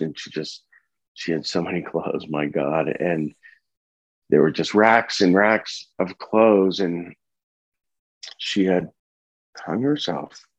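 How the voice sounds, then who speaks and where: A man telling the story of his wife's death and caring for their baby, speaking in an earnest, halting, somber way. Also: sits low, no room sound. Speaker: bereaved husband and father telling his story. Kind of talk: personal testimony. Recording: dull, dry lo-fi recording.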